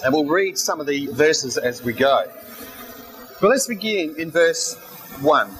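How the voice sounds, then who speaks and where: Male pastor, high voice, chatty sermon with funny asides. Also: expressive, a little slow, a bit bright, soft background music. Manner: conversational storytelling with asides and humor.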